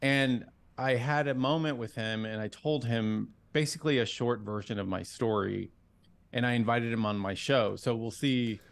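A man's voice: medium pitch, normal speed, gravelly. A man who hosts his own talk show, telling stories in a chatty, conversational way. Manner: storytelling, chatty with restarts. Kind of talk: conversational interview.

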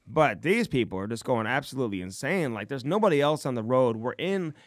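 A man co-hosting a podcast, telling a rambling story in casual chat, saying "dude" a lot and getting animated as he goes. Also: mid-range voice, a little fast, no room sound, studio quality. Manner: rambling, says "dude" often, gets animated retelling. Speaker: podcast co-host.

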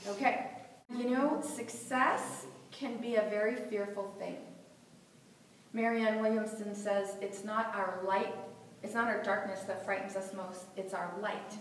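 A middle-aged woman giving a motivational talk to a live audience, animated and laughing often as she acts out inner voices. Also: medium pitch, unhurried, a little hiss or hum. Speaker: motivational speaker. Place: seminar room with audience. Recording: echoey hall, voice from far off.

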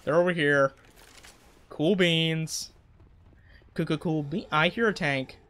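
Young guy doing let's play commentary, voice keeps cracking, kinda high, jokey trash talk. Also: takes it slowly. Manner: jokey, excitable, trash-talking the game. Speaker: gaming YouTuber.

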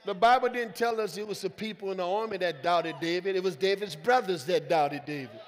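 A man preaching a sermon as senior pastor, calling out to his congregation and building to loud emphatic lines, voicing quoted people in casual vernacular. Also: high voice, a little fast. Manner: acts out quoted voices in conversational vernacular. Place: church sanctuary. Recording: long reverb of a church hall.

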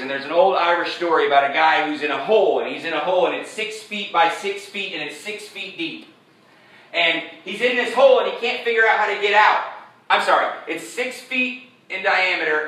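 A man preaching a sermon, animated and joking, who jumps from point to point. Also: a little high. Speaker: pastor. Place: church sanctuary. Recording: echoey church sanctuary.

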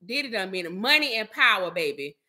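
A woman vlogger in casual gossip chat, animated and chatty, talking straight to her viewers and calling them child, baby and honey. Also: mid-range voice, a little fast. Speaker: vlogger host.

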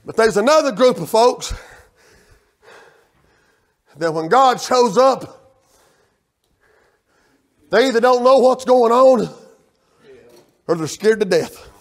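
High-voiced preacher, folksy and fervent. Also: male voice, slow pace, pauses often. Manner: loud, animated preaching with folksy storytelling. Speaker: pastor. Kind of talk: sermon.

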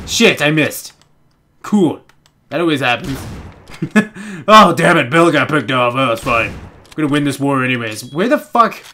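A young man giving excitable, rambling let's play commentary, swearing constantly and getting jittery as he plays. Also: mid-range voice, takes it slowly, pauses often, a little hiss or hum. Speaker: gaming YouTuber.

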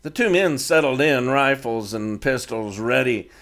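Guy reading his own western story, real slow, gravelly voice. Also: medium pitch, animated, a bit bright. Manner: slow, measured reading of fiction. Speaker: author and narrator. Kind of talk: scripted narration.

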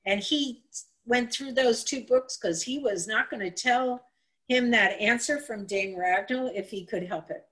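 A woman telling a folk tale aloud on a live stream, in an animated, chatty way with asides and restarts. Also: a little high, a little slow, poor audio. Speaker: storyteller. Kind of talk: casual live-streamed storytelling.

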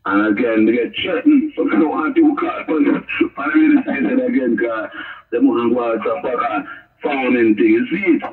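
A man's voice: medium pitch, sing-song, normal speed, far from the mic, natural voice. A man playing a rambling caller on a mock radio call-in show, heard over a tinny phone line. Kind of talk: comedy sketch phone-in.

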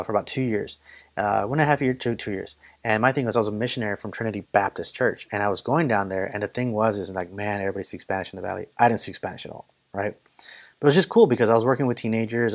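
A man preaching a casual Bible study, conversational and full of stories and acted quotes. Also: fairly low pitch. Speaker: pastor leading Bible study. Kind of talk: casual sermon.

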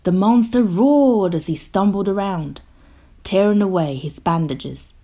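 A woman reading a children's picture book aloud, slow, gentle and expressive, sometimes dropping to a hush. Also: medium pitch. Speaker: storyteller.

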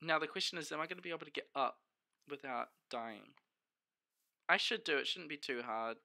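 A young male streamer with a sharp, bright tone and a gravelly, fry-laden edge gives casual gameplay commentary. He chats to his viewers and mutters to himself, swearing freely, and breaks into sudden loud exclamations. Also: fairly high pitch, brisk. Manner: chatty, sweary, bursts of excited exclamations; talks to the chat and himself as he plays.

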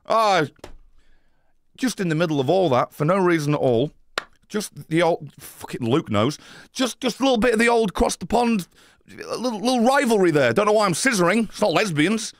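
High, animated British streamer, ranting. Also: male voice, normal speed, dry recording, clean studio sound. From Britain. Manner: swearing, ranting, with sudden shouted outbursts. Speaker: streamer host. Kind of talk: live gameplay stream commentary.

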